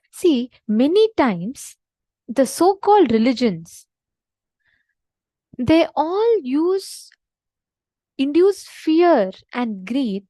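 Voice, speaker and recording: A woman's voice: high voice, warm tone, no echo, clean studio sound. A woman giving a devotional teaching session, speaking earnestly and emphatically and repeating her key points. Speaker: spiritual teacher.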